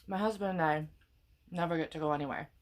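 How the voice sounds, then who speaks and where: A woman's voice: sits low, quick pace, background noise. A young woman with a Wisconsin accent, chatting casually and rambling through tangents while she cooks, tired and pregnant, swearing now and then. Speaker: cooking vlogger. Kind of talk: casual chat while cooking.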